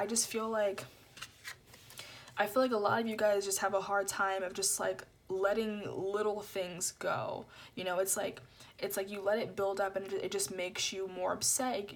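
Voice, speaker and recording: A young woman giving a casual tarot reading to viewers, rambling and repeating herself, full of filler words. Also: medium pitch. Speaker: tarot reader.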